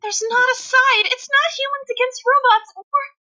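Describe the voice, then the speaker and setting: A woman's voice: extremely high pitch, steady tone, moderate pace, bright, forceful tone, no room sound, exaggerated voice. A woman voicing an anxious peacemaking character in an amateur online audio drama, nervous and pleading.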